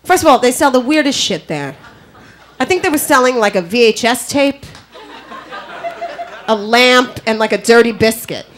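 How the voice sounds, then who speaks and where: Brash high-voiced woman comic. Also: moderate pace, pauses often. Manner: brash, profane, animated. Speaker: stand-up comedian. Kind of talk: stand-up comedy set. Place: New York comedy club. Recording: live club recording with audience noise.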